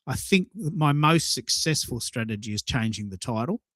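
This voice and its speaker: An excited man chatting on a podcast, his voice mid-pitched. He trips over his words and repeats them as his enthusiasm builds. The sound is dry and close, with no room around it. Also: moderate pace, no echo. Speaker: podcast co-host. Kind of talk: casual chat.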